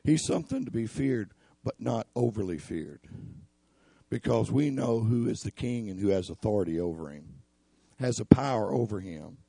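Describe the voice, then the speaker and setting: A man with a raspy voice preaching a sermon in an earnest, emphatic way. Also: on the low side, expressive, normal speed, mellow, no room sound. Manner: earnest, emphatic, addresses listeners as y'all.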